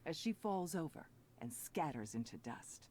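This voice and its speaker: A game narrator giving scripted narration in a measured storybook manner. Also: medium pitch, animated, darkish tone, slight background noise, close to an everyday voice.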